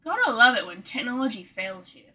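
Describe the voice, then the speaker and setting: A woman's voice: fairly high pitch, big pitch swings, brisk, sharp tone. A woman streaming a video game, chatting casually, swearing freely and talking to her cat. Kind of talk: casual gameplay commentary.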